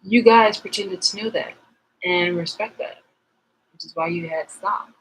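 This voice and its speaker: A woman's voice: on the low side, a little slow, breathy edge, low-quality recording. A woman vlogger chatting casually to her viewers, rambling and frank, swearing freely.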